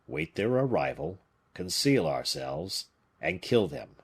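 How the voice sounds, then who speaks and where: A man voicing a calculating, commanding bishop-musketeer, measured and deliberate, with a low husky voice. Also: sing-song, heavily acted. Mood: cool command.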